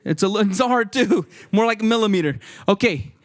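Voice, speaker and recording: A young man giving a lively, casual sermon, acting out voices and joking with the listeners. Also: high-pitched, moderate pace. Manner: animated, acts out quoted voices, jokes with listeners. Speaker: youth speaker.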